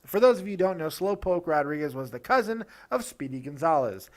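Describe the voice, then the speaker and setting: Animated ranting male wrestling reviewer. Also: fairly high pitch. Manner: animated, ranting, quick asides and restarts. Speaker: host of a wrestling review show. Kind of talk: casual opinionated review talk.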